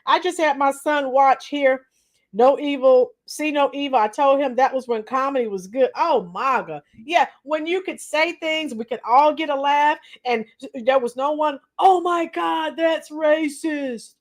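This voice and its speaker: A high-pitched woman hosts a chatty livestream, calling out viewers by name as they join. Her voice sounds slightly strained, and she clears her throat now and then. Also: moderate pace. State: slightly strained voice after a week of teaching. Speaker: livestream host. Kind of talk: casual live chat with viewers.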